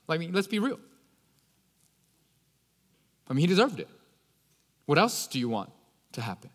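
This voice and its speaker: Male pastor, fairly high voice, loose conversational sermon delivery, reverberant hall. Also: big pitch swings, normal speed, long pauses, fairly bright tone. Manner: casual, slangy storytelling.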